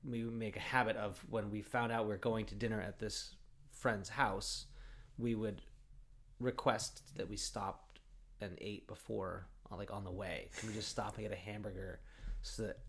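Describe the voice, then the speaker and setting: Gravelly low-voiced man telling stories. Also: fairly even intonation, normal speed, fairly bright tone. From Oregon, USA. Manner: rambling storyteller, many fillers and restarts. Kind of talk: casual chat.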